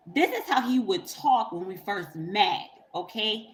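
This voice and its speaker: A woman's voice: medium pitch, expressive, a little slow, a little hiss or hum, rough recording. A woman tarot reader telling a story in a rambling, profane, casual way on a livestream, often breaking into laughter.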